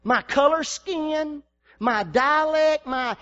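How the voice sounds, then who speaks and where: A man pastor preaching a sermon in a church, dropping to a hush and then rising to a shout. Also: high-pitched, lively intonation, normal speed. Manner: preaching with big swings from hushed to shouting. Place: church sanctuary. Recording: dull lo-fi sermon recording.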